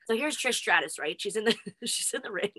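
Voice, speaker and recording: A woman's voice: medium pitch, lively intonation, brisk, bright, forceful tone, no echo, rough recording. A woman co-hosting a casual chat, telling stories with little laughs between phrases. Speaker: co-host.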